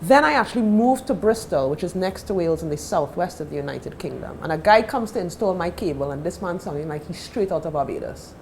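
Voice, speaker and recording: Trinidadian woman, storytelling guest, slightly low voice, faint hiss behind. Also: lively intonation, fairly quick, hardly any pauses, a little mellow. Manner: chatty, storytelling. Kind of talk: casual chat. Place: TV studio.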